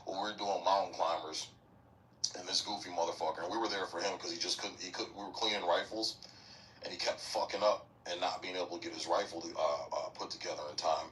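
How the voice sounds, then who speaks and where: A very deep-voiced man tells rambling, profanity-laced stories in casual podcast talk. His voice has a bright, forward edge despite the low pitch. He sits somewhat back from the mic, with faint noise behind him. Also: fairly even intonation, brisk, far from the mic, poor audio. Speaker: military veteran guest.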